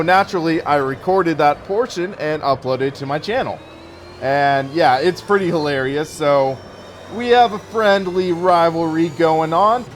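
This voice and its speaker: A man's voice: fairly high pitch, slight background noise. A man in his early twenties giving chatty, rambling commentary while he plays a racing game live and thanks viewers. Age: early 20s. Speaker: sim racing streamer. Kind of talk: casual live gameplay commentary.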